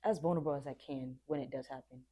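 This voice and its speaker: Low, mellow-voiced woman on a podcast. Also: steady tone, fast, slightly rough. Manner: reflective, earnest, acts out quoted voices. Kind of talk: casual podcast conversation.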